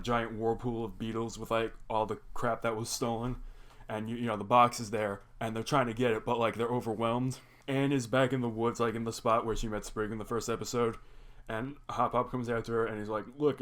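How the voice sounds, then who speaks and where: His voice is medium in pitch with a fairly bright tone. A young reaction video host, he recaps a cartoon episode in a loose, rambling way, leaning heavily on "like."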